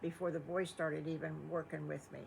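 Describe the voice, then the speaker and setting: Older woman as storybook farmer husband, kind, rambling, gravelly, low-pitched. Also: flat delivery, moderate pace, slight background noise. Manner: rambling, homey storytelling talk.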